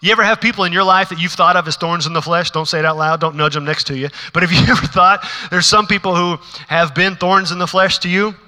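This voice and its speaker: A male pastor preaching in a church with a sharp, ringing, forceful tone and a fairly high voice. He drops to quiet, close asides and then climbs into emphatic, insistent preaching. The sound carries a long reverb, as in a big sanctuary. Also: steady tone, quick pace, few pauses. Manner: swings between hushed, intimate asides and rising, emphatic preaching. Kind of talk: sermon. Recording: long reverb of a large hall.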